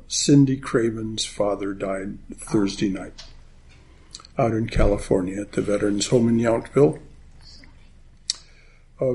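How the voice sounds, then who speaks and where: Gravelly, husky-voiced man giving chapel announcements. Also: mid-range voice, a little mellow. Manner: halting, with many fillers and restarts. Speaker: spiritual teacher leading a chapel service. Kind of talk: sermon announcements. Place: chapel in Atlanta.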